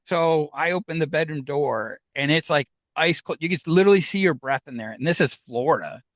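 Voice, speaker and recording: A man, a podcast guest, telling a story in a casual, animated way and acting out the dialogue with laughs between lines. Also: on the high side, brisk, no room sound, rough recording.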